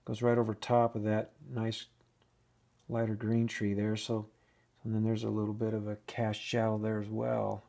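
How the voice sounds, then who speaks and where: A man's voice: on the low side, monotone, moderate pace, gravelly, mellow. A man giving a casual oil painting lesson, thinking aloud and restarting sentences as he works at the easel. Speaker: painting instructor.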